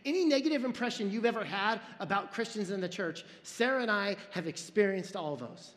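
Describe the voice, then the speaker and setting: A man's voice: high-pitched, animated, brisk, fairly bright tone, big-room sound. A pastor in his forties preaching a sermon, earnest and storytelling, with self-deprecating humor.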